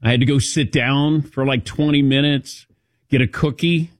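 A sports talk show host in his sixties tells a self-mocking story on his radio show, acting out the people in it during casual chat. His medium-pitched voice is fairly even and moderately paced, captured on a studio microphone with clean, echo-free sound.

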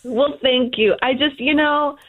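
A woman's voice: high voice, fairly even intonation, a little slow, phone-quality sound. A confident woman calling in to a radio show, flirty and playful, joking about herself. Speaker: caller. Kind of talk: radio call-in chat.

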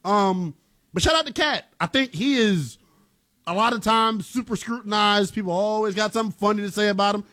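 A man's voice: sits high, brisk, bright, forceful tone. A man co-hosting a sports talk show, arguing his takes in a slangy, emphatic way. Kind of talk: casual sports debate.

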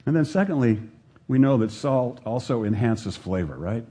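Husky, animated man preaching a sermon. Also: moderate pace. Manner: animated preaching, rises in pitch to stress points, asks the congregation. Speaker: pastor.

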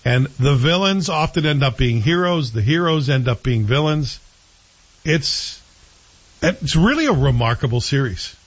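A man's voice: mid-range voice, expressive, measured pace. A man hosting a casual chat show, rambling through his opinions on a TV series and often correcting himself. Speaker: host reviewing TV series. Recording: dull lo-fi sound.

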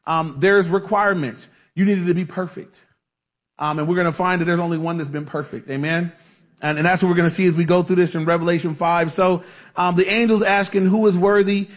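A man's voice: high-pitched, fairly even intonation, brisk. A man preaching a sermon in a conversational way, with frequent fillers and restarts. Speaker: pastor.

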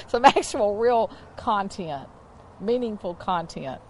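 A woman's voice: mid-range voice, lively intonation, moderate pace. A woman co-hosting a casual Christian chat show with her husband, often breaking into giggles. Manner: giggly, keeps breaking into laughter. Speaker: co-host.

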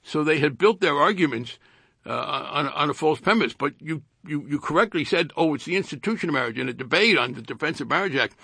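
An older man with a New Jersey accent, a retired congressman in a radio interview, speaking haltingly with dry wit and repeated words. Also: on the high side, expressive, creaky, bright, forceful tone, husky, dry recording.

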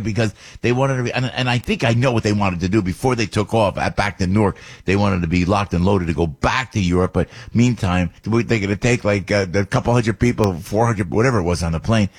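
Rambling, husky-voiced radio host man. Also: on the low side, a little fast, hardly any pauses. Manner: rambling, animated storytelling with restarts. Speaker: radio talk show host. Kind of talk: casual radio monologue.

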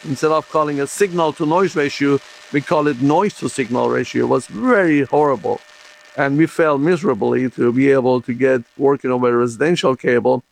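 Sex: man. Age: middle-aged. Origin: Middle East. Style: interview recollection. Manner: earnest, halting, gravelly. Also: mid-range voice. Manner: earnest, halting with fillers, non-native phrasing. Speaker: inventor interviewed. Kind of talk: recalled interview answers.

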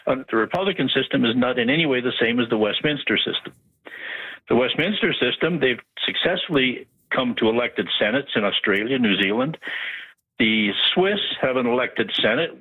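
A man's voice: mid-range voice, expressive, moderate pace, husky. Man, radio caller, emphatic, tinny phone sound. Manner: emphatic, rambling.

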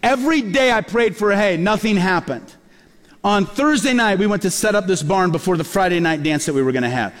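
A male pastor preaching a sermon in a church, telling stories in a lively way and acting out the voices of the people in them. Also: high voice, fairly quick. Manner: lively storyteller who acts out quoted voices. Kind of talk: storytelling sermon. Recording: long hall reverb.

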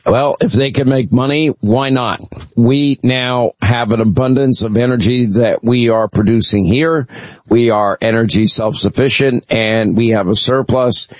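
A man hosts a talk radio show, delivering emphatic, opinionated commentary full of fillers. His voice sits at a middle pitch. It is close-miked and dry. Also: steady tone, unhurried, no room sound, rough recording. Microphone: studio microphone.

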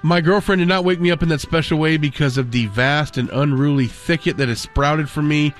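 A somewhat high male voice running a sports radio show, joking his way through listener requests and a birthday list. Faint music plays underneath. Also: fairly quick. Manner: reading listener messages and birthdays with jokes. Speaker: radio host.

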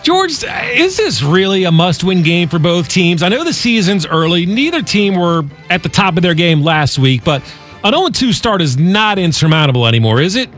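Higher-voiced male radio anchor. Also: sing-song, moderate pace, fairly bright tone, faint music behind. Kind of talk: live radio news chat.

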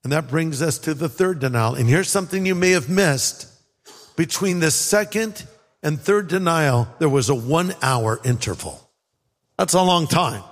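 A man's voice: fairly high pitch, lively intonation, moderate pace, long reverb tail. A man from California preaching a sermon in a conversational way, acting out quoted lines. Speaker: pastor.

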